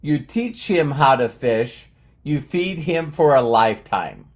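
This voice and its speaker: A man's voice: medium pitch, expressive, slow pace. A man hosting a live stream, chatting to viewers, greeting them by name and using lots of fillers. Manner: uses many fillers and repeats words. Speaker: livestream host.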